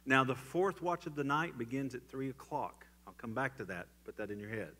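A man preaching a church sermon, swinging from loud emphatic lines to hushed, quiet ones. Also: medium pitch, a little fast, hardly any pauses. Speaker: pastor. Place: church sanctuary.

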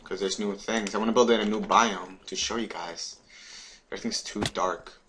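A young man giving casual, excitable let's play commentary on a game, swearing and chanting words over and over. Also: lowish voice, normal speed, slight background noise. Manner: excitable, swears and sing-songs repeated words. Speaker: gaming YouTuber.

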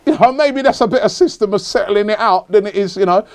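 A man hosting a casual football podcast, telling jokey, repetitive, animated stories. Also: sits high, fast. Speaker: podcast host.

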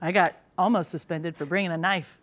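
A woman's voice: lowish voice, steady tone, fairly quick, noisy background. A woman co-hosting a cooking show, telling a story in a playful, casual way. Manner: playful, acts out quotes.

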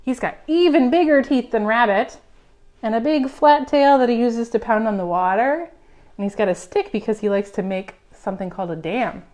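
A woman reading a picture book aloud at a preschool storytime, gently coaxing the children with questions. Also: a little high, normal speed. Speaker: children's librarian.

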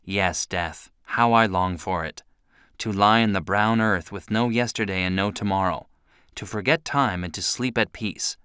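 Sad old ghost guy, a man reading it, low dreamy voice, dry sound. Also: moderate pace, fairly bright tone, smooth, dry recording, natural voice. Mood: hushed, longing. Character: melancholy old male ghost, lonely and weary.

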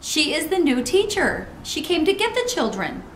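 A woman voicing a surprised, proper storybook lady whose questions jump high in pitch. The delivery swings widely, in a room with plenty of echo. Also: sing-song, moderate pace, slight background noise. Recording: roomy echo.

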